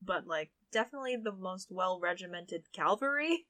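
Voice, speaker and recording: Bright-voiced woman chatting casually. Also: lowish voice, expressive. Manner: quick to question and push back, laughs often. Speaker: podcast co-host. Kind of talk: casual chat.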